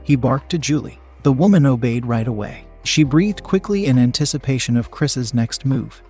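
A man narrating a first-person erotic story in an even reading tone. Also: mid-range voice, normal speed, hardly any pauses, soft background music.

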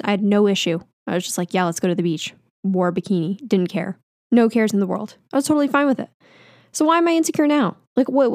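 A woman's voice: mid-range voice, darkish tone, no echo. A young woman in her twenties talks alone into a podcast microphone at home, chatty and candid. She pokes fun at herself and scatters fillers through her talk. Her voice sits mid-range and sounds close and dry. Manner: candid, self-deprecating, chatty with many fillers. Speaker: podcast host. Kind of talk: casual solo podcast monologue.

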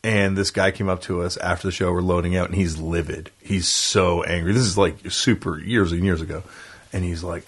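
A man's voice: sits low, fairly even intonation, moderate pace, breathy edge. A man, a touring musician, telling road stories in casual chat, laughing through them and acting out what people said. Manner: laughs through his stories, acts out quotes.

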